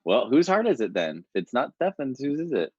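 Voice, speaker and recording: Lively man on a dull dry line. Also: medium pitch, fairly quick, husky, dry recording. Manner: chatty, laughs often. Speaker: podcast co-host. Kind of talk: casual chat.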